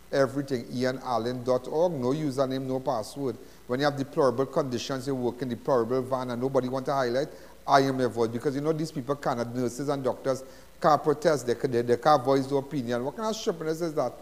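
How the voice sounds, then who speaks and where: A man's voice: mid-range voice, big-room sound. A middle-aged man with a Trinidadian accent hosting a live crime talk show, chatty and emphatic, repeating his phrases in a folksy way.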